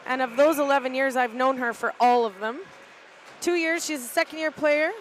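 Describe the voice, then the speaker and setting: Middle-aged woman as casual rink commentator: high, unhurried, chatty, faint arena hum behind. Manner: relaxed, chatty, hesitant with fillers. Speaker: volunteer play-by-play commentator, team parent. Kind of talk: amateur live sports commentary. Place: arena balcony overlooking ice rink.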